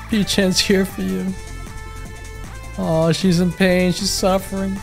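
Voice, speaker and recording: A gaming YouTuber commentating a let's play, reacting excitably with frequent swearing and stammered restarts. He talks at an unhurried, drawn-out pace, with game music faint in the background. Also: mid-range voice, gravelly.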